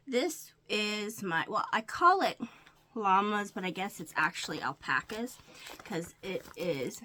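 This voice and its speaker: A woman's voice: medium pitch, lively intonation, a little slow, sharp tone. A woman casually narrating her week's quilting and sewing projects, walking through each piece step by step. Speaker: crafting vlogger. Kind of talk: casual show-and-tell narration.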